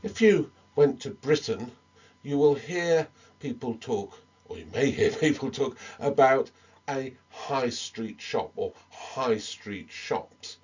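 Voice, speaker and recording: A man giving a recorded English lesson, talking slowly with many ums and small restarts. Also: mid-range voice, darkish tone, husky, dull audio. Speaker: medical English teacher.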